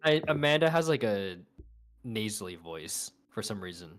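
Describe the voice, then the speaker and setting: A co-host on a game stream, chatting casually and retelling a film plot in an animated, rambling way. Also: mid-range voice, moderate pace. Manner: animated, chatty, lots of "like" fillers.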